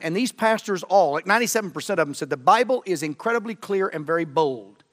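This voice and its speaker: A middle-aged man delivers a sermon from a church pulpit, his fairly high voice ringing with long reverb. He preaches with fervor, hammering some phrases loudly and dropping others to a low, earnest hush. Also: expressive, brisk. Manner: fervent, swings from loud emphasis to low earnest tones. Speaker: guest preacher. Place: church sanctuary.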